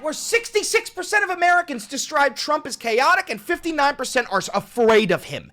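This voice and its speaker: A man's voice: fairly high pitch, sharp tone. A man ranting through a sarcastic, profanity-laced political commentary as a video host.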